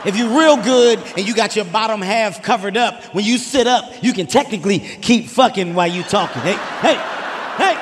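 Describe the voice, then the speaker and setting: A man's voice: sits high, brisk, few pauses, noisy background. Brash profane stand-up man. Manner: brash, profane, shouting punchlines. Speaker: stand-up comedian. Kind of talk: stand-up set.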